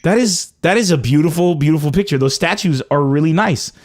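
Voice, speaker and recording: A man hosting a casual call-in podcast, joking with callers, swearing freely and tossing off quick asides. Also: a little high. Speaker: podcast host taking calls.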